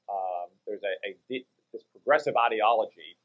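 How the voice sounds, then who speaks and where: Measured low-voiced senator, dull audio. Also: male voice. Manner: measured, lecturing, deliberate. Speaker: U.S. senator, guest. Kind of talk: political interview.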